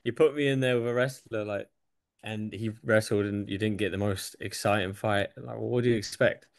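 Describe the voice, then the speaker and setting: A man's voice: on the low side, a little fast, gravelly, no echo. Casual young English man, dry sound. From England. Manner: relaxed, swears freely, laughs between thoughts. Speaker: UFC fighter guest. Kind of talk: casual interview chat.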